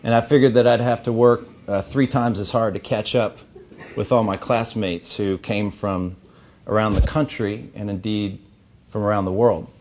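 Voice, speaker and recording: Man, thirties, keynote speech, low voice, earnest with dry humor, faint background noise. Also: steady tone, normal speed, a little mellow. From Missouri, USA. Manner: earnest, anecdotal with light humor. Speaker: keynote speaker. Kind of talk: ceremony speech. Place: banquet hall.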